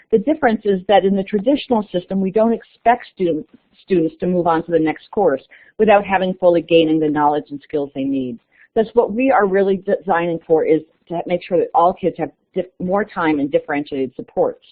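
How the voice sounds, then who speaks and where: A woman's voice: mid-range voice, fairly quick. A woman presenting on a webinar as lead author, chatty and loose with fillers. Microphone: conference call line. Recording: tinny phone-line audio.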